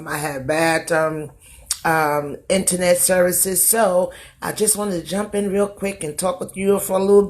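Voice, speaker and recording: Hoarse, low-voiced woman host, chatty phone livestream, sing-song greetings. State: losing her voice from a cold. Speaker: live stream host. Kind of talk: casual live stream chat.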